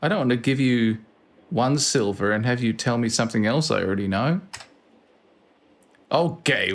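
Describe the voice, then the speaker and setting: A man's voice: medium pitch, normal speed, pauses often. A man hosting a let's play, thinking aloud and reading out game commands with dry asides. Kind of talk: casual gameplay commentary.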